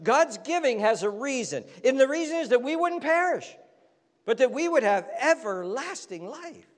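A male pastor preaching a sermon with passionate repetition, dropping to hushed whispers at times. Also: extremely high pitch, big pitch swings, moderate pace. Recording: long hall reverb.

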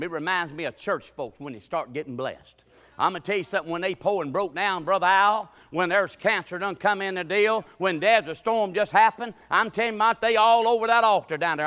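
A middle-aged man preaching a sermon, telling folksy stories and swinging from hollering to quiet asides. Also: high voice.

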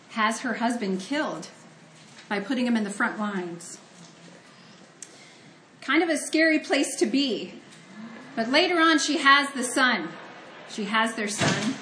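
A woman's voice: fairly high pitch, measured pace, a bit bright, roomy sound, a little hiss or hum. A woman from Ohio giving a conversational, earnest sermon that mixes scripture reading with personal storytelling. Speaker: preacher.

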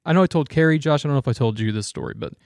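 A man's voice: mid-range voice, animated, racing, gravelly, darkish tone, dry recording, clean studio sound. A man in his thirties, a father of young kids, telling stories in casual chat with lots of fillers. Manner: rambling storyteller, many fillers.

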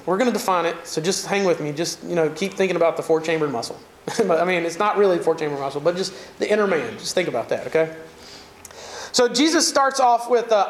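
A man with a Southern American accent preaching a sermon, animated and conversational, with jokes and asides to the congregation. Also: high-pitched, quick pace, echoey room, slight background noise. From Southern United States. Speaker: pastor.

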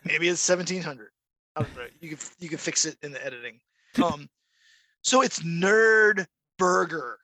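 Male podcast guest, animated storyteller, bright and dry. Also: a little high, moderate pace, no room sound. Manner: animated storyteller, imitates barking dogs. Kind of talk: casual chat.

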